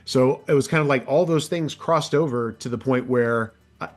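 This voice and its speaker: A man talking shop as an interview guest, a working voice actor who can't explain a voice without doing it. His pitch keeps leaping up high and dropping low as he demonstrates, over an ordinary mid-range speaking voice. The talk stays loose and chatty. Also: moderate pace, faint music behind. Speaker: audiobook narrator and voice actor, guest. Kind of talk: casual interview chat.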